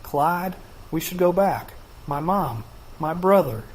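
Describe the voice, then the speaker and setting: A man voicing a frightened, furious young woman in an audiobook, raising his voice high and shrill. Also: expressive, takes it slowly, a little hiss or hum. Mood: panicked, angry.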